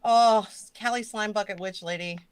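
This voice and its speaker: A woman hosting a casual live stream, chatting loosely and swearing, with jokey shout-outs to her chat. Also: mid-range voice, moderate pace, clean tone, no echo. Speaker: stream host.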